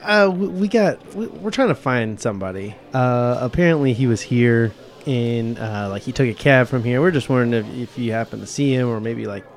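A man's voice: mid-range voice, expressive, moderate pace, few pauses. Hesitant man playing a tabletop game. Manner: hesitant, fumbling. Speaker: player. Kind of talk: in-character tabletop role-play.

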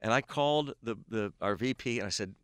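A man's voice: on the low side, brisk, clean tone, dry recording, clean studio sound. A middle-aged man, a baseball play-by-play announcer, telling a long story on a podcast and acting out the quoted back-and-forth. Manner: animated storyteller who acts out quoted dialogue.

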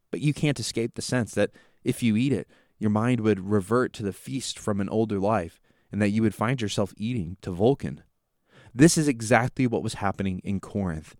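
A man's voice: fairly low pitch, normal speed, darkish tone, no room sound, clean studio sound. A man hosting a Bible teaching podcast, explaining scripture through vivid, conversational storytelling. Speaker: podcast host.

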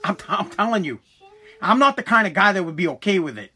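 A man's voice: high voice, expressive, fast, bright, forceful tone, breathy edge. A man hosting a podcast, ranting heatedly with profanity and frequent restarts. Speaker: podcast host. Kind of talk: ranting political commentary.

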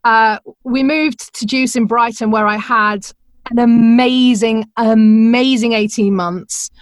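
A middle-aged woman, a radio presenter, telling her career story in a chatty, animated way, laughing often and acting out the voices she quotes. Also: on the high side, slow, no echo, studio quality. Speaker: podcast guest, radio presenter. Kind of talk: conversational storytelling.

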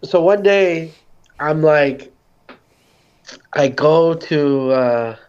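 A man's voice: a little high, expressive, drawn-out words, a little mellow, clear, resonant tone, lo-fi sound. A man from the Southwest US, a podcast guest telling a rambling story in casual chat. He leans heavily on "like", swears freely and acts out the quotes. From Socorro, US Southwest.

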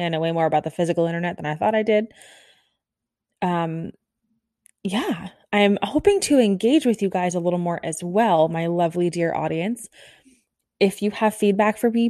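A woman in her thirties hosting a casual solo podcast, talking fast and bubbly, rambling with lots of "like" and little laughs. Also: on the low side, darkish tone, no echo, clean studio sound. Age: 30s. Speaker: podcast host.

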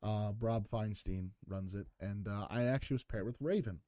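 A young man telling stories as a guest in a casual chat, padding every sentence with filler words and acting out what others said. His voice is mellow and dark, and the sound is dry and close. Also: on the low side, normal speed, dry recording. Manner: rambling, heavy filler words, acts out quotes. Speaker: pro wrestler guest. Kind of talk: casual interview storytelling.

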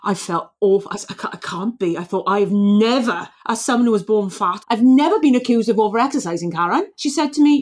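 A woman's voice: medium pitch, a little fast, hardly any pauses. A British woman co-hosting a podcast, telling chatty, self-mocking stories and acting out the people in them. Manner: animated, self-mocking storyteller acting out quoted voices. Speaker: podcast co-host.

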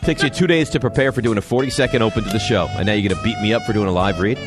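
A man's voice: lowish voice, rapid-fire, over loud music. A man hosting a sports talk radio show, talking bluntly and arguing back with animation.

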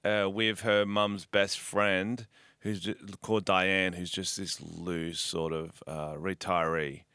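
A man's voice: sits low, flat delivery, slow, bright, forceful tone, clean tone, no room sound, studio quality. A man with an Australian accent, co-hosting a podcast as casual chat, laughing often and swearing freely. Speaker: podcast co-host.

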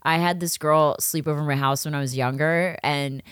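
A woman's voice: deep voice, steady tone, normal speed, a bit bright, smooth, no echo, clean studio sound. A woman co-hosting a podcast, chatting casually and telling profane stories with lots of quoted voices. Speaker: podcast co-host. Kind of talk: casual chat.

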